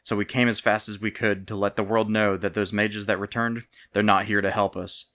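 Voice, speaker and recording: A man voicing a defiant, hardened bandit leader who speaks forcefully. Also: fairly low pitch, level tone, a little fast.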